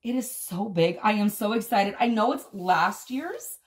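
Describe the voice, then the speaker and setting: A woman unboxing a doll advent calendar on a vlog, gushing and gasping with excitement as she talks straight to her viewers. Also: medium pitch, unhurried. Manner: gushing, excitable, frequent gasps and exclamations. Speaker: doll collector vlogger.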